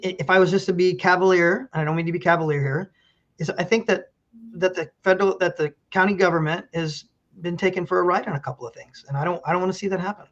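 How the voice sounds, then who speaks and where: A man, a county commissioner, answering interview questions in a careful, measured way. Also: on the high side, a bit bright, muffled recording.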